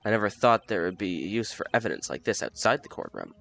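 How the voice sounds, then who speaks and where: A man's voice: on the low side, big pitch swings, fast, creaky, a bit bright, soft background music. A man reading a game's dialogue aloud, with chatty asides about his own voices and audio. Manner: chatty, self-commenting asides. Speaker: game narrator.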